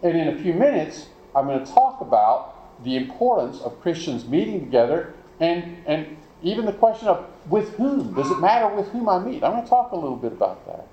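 A man delivers a sermon in a conversational tone, often asking his listeners questions. His voice sits a little high and swings widely in pitch. The recording is roomy and echoey, with faint background ambience. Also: big pitch swings, brisk, mellow, muffled recording, a little hiss or hum. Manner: conversational, asks the congregation questions. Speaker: preacher.

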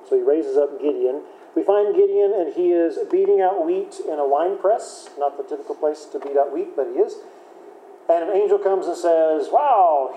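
A man's voice: on the high side, warm tone. A man leading a Bible study class, talking casually and chatty, correcting himself now and then. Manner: conversational, chatty, self-correcting with light laughs. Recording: echoey room with faint background noise.

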